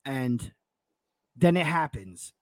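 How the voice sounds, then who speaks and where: A man's voice: medium pitch, takes it slowly, no room sound. A man telling a long, emotional story in a casual podcast chat, swearing and tripping over his words as he goes. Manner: excitable storyteller, swearing, repeating himself. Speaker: podcast co-host.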